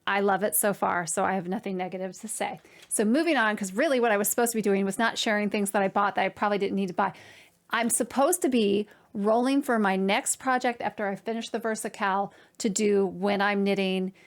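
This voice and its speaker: Chatty, excitable woman knitting host. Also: medium pitch. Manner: chatty and excitable, full of "like" and "you guys". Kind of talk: casual chat to camera. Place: at home.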